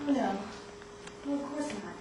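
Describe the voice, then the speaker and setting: A woman's voice: a little high, lively intonation, normal speed, lightly acted. A young woman playing a flustered, nervous married woman from New Jersey on a school stage. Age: teens. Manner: flustered, jittery, breathless. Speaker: student actor in a school play. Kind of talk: stage acting. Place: school stage before an audience. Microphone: far camera in the hall. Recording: echoey stage recording, far off, noisy.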